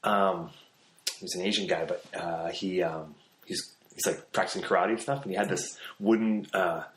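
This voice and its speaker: A man hosting a casual podcast chat, loose and quick, swearing freely. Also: low-pitched, steady tone. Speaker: podcast host. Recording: roomy echo, faint background noise.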